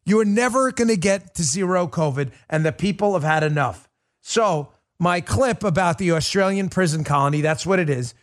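A man with a voice that sits high hosts a political podcast, delivering an emphatic, indignant commentary monologue that keeps repeating its points.

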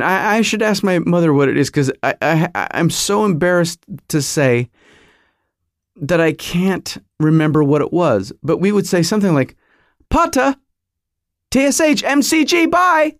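In a studio-quality recording with no room sound, a middle-aged American podcast host spins a nostalgic, meandering monologue. His voice is fairly high, and he keeps interrupting himself to dig through his memory out loud.

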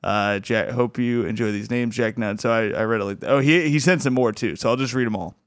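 A man's voice: mid-range voice, brisk, no room sound, studio quality. A man hosting a comedy podcast in casual, rambling chat, laughing often. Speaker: podcast host.

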